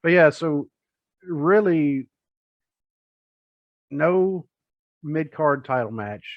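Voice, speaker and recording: On a wrestling podcast, this male co-host keeps the casual chat rambling and jokey, with an expressive, fairly high voice delivered very slowly. The dry recording has a dull lo-fi podcast sound.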